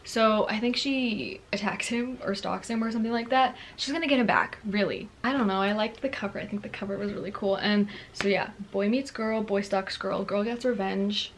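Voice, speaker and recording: A woman's voice: medium pitch, moderate pace, few pauses, a little hiss or hum. Bubbly young woman chatting about books. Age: young adult. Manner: bubbly, chatty, lots of "like" and "girlie". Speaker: book vlogger. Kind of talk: casual chat to camera.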